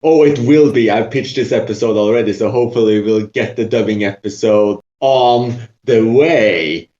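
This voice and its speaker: A man's voice: on the low side, moderate pace, mellow. Upbeat man on a dull, echoey mic. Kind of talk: casual podcast discussion. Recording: echoey, dull lo-fi room sound.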